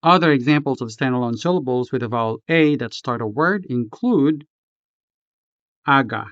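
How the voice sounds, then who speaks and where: A man teaching a language lesson, reading a script slowly and carefully, spelling out each syllable. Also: mid-range voice, animated, a bit bright, dry recording, lo-fi sound. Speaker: language tutor.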